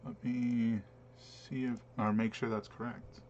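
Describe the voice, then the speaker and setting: Man, game master, slow unhurried talk, hesitant, dull lo-fi voice chat mic. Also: mid-range voice, level tone, darkish tone, a little hiss or hum. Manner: hesitant, many filler pauses while explaining rules. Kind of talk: running an online tabletop game.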